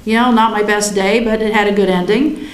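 A woman in her sixties telling a personal story in a chatty, animated way, often laughing. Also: medium pitch, a little fast, echoey room. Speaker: guest recounting a near-death experience.

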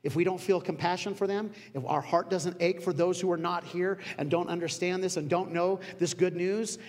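Guy pastor giving a sermon, kinda high gravelly voice, chatty storytelling, long church reverb. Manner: conversational storytelling with dramatic pauses. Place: church sanctuary.

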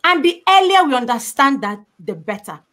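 High-voiced emphatic woman from Africa. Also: very animated, moderate pace, a bit bright. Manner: emphatic, repeats key points for stress. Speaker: panel speaker. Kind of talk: impassioned panel talk.

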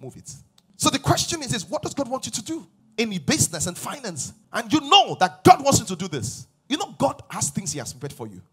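A man preaching a sermon as pastor, swinging from loud exhortation to hushed asides. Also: extremely high pitch, wildly swooping pitch, fairly quick, husky.

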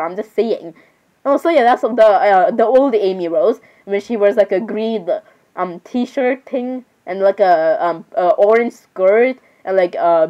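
A woman's voice: medium pitch, muffled recording. A teenage girl chatting casually while playing a game, rambling, apologizing often and giggling. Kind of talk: casual gameplay chat.

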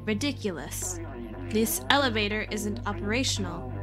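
Calm robot villager, read by a woman. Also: mid-range voice, normal speed, over music, lightly acted. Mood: matter-of-fact. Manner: reads game dialogue aloud plainly.

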